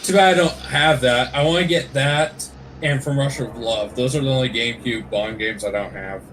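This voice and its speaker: A man's voice: mid-range voice, normal speed, a bit bright, slight background noise. A man co-hosting a livestream, chatting casually with joking, laid-back banter while playing a game. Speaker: livestream co-host. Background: game music.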